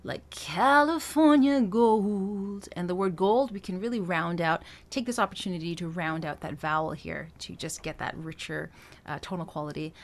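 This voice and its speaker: A woman vocal coach explaining singing technique, talking through each point with filler sounds and quick checks with the listener. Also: lowish voice, steady tone, vocal fry. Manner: talks through points with frequent "um" and checks of "right?".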